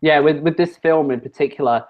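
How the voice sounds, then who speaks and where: A man's voice: on the high side, brisk, dull audio. Rambling Australian man chatting. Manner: rambling, with many restarts and fillers. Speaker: podcast host. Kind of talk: casual chat.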